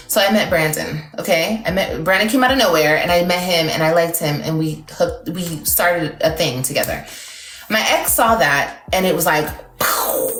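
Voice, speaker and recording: A woman talking casually to her livestream viewers in a rambling, emotional way, full of fillers and restarts. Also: lowish voice. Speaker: TikTok livestreamer. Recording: echoey room.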